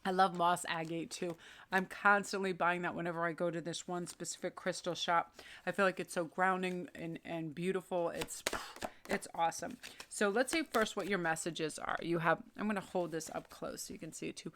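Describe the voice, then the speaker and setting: A woman's voice: fairly low pitch, steady tone, a little fast, a bit bright. A woman doing a pick-a-card tarot reading, speaking encouragingly and directly to the viewer. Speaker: tarot reader.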